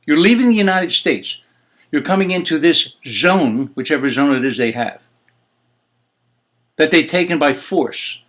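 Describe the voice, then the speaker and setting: Guy hosting his own opinion rant, kinda high voice, fed up and cussing. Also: animated, measured pace, long pauses, a bit bright. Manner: indignant, exasperated ranting with swearing and rhetorical questions. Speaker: host of an opinion show. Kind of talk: heated opinion commentary.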